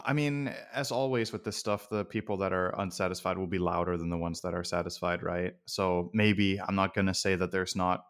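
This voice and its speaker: A man from Denmark talks in a casual stream chat, his voice sitting a little low. He is blunt and opinionated and swears without a second thought. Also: a bit bright, clear, resonant tone.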